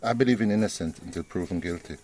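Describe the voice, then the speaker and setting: A man doing a principled friend, measured, low-pitched voice. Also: warm tone, faint music behind, lightly acted. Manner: measured, earnest. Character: calm, principled male friend.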